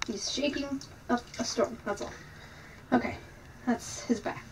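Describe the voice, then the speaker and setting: A woman's voice: on the high side, unhurried. A woman chatting casually while she bathes a kitten and coos to it. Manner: coos softly to the kitten, laughs easily. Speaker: kitten caretaker. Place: home bathroom by a running tub. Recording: clear background noise.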